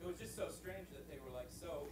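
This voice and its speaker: A man's voice: a little high, animated, darkish tone, rough recording. A man, a former magazine writer, telling rambling stories on a panel at a library event. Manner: brisk, rambling storyteller with crowd laughter. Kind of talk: animated anecdote telling. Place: library event hall with audience.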